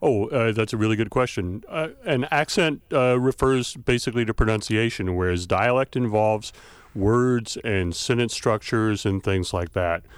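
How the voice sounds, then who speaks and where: A man's voice: lowish voice, moderate pace, smooth, dry recording. A man with a Southern US accent, a linguistics professor explaining ideas thoughtfully in a radio interview, with many uh fillers. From American South.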